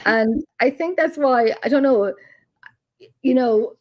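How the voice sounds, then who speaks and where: A woman's voice: high-pitched, slow, dull audio. Chatty Irish woman telling stories. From Ireland. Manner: animated storyteller, laughs often, acts out quotes. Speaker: paranormal researcher guest. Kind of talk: casual interview chat.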